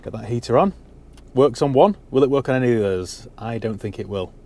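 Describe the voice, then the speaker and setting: A man's voice: medium pitch, expressive, fairly quick, warm tone. A man giving a casual, dry-humoured walkaround of a used car he has bought, talking from inside the parked car on a cold day. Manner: dry, wry asides.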